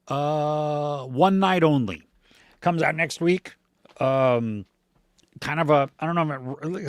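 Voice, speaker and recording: A man's voice: on the high side, dry recording, studio quality. An American man hosting a casual podcast, chatting loosely about movies and reading out viewer comments, with lots of fillers and small laughs. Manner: relaxed, rambling, with many fillers and small laughs. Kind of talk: casual chat.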